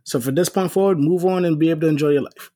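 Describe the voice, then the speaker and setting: A man's voice: fairly high pitch, quick pace, mellow. A man co-hosting a casual podcast, teasing his friends and arguing his point. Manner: teasing, argumentative. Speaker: podcast co-host. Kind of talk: casual group chat.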